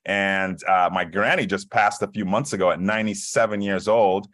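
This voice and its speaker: A man's voice: lowish voice, normal speed, no echo, studio quality. A man in his forties from Saint Kitts, a guest chatting casually over a video call from a hotel room, with lots of fillers. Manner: relaxed, chatty storyteller with many fillers.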